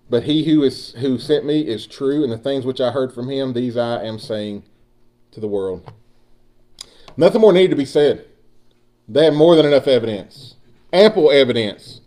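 A man's voice: mid-range voice, a little mellow. A man preaching a sermon, building emphasis and speaking directly to his congregation. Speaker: pastor.

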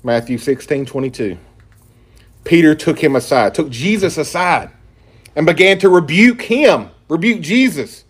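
A man's voice: fairly high pitch, animated, measured pace, breathy edge. A man preaching a sermon and reading scripture aloud in an emphatic style. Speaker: pastor.

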